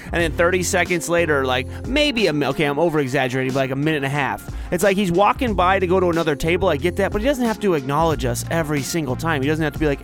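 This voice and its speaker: A man's voice: a little high, lively intonation, very fast, hardly any pauses, music in the background. A young man hosting a podcast, ranting in a profane, exasperated comedic way and mimicking the people he complains about. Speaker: podcast host. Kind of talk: comedic rant.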